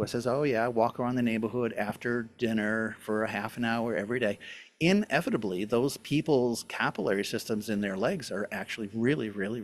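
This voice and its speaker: A middle-aged man, a doctor appearing as a guest on a health show, explaining things in a relaxed chat and laughing often. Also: fairly low pitch.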